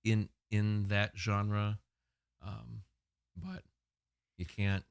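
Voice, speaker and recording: A man from Minnesota, a guest musician, talking quietly and in a measured way in casual podcast chat. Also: fairly low pitch, level tone, vocal fry, smooth, dry recording. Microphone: podcast mic at a bar table.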